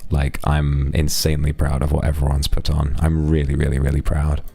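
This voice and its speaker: A man's voice: monotone, brisk, mellow, no echo. A man streaming live, casually thanking donors and chatting with affectionate, playful asides. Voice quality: very deep, gravelly voice. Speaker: streamer reading donations.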